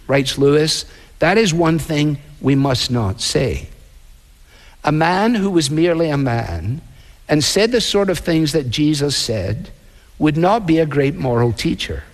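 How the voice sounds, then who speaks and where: A male pastor delivering a sermon in a measured preaching manner, slowing down to act out quoted voices. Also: fairly high pitch, lively intonation, in a large hall.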